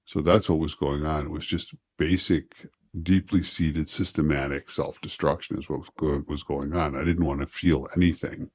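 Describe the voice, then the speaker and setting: A man speaking as an interview guest, reflective and halting, often restarting his sentences. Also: very deep voice, fairly even intonation, a little mellow, dry recording, studio quality. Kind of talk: candid personal interview.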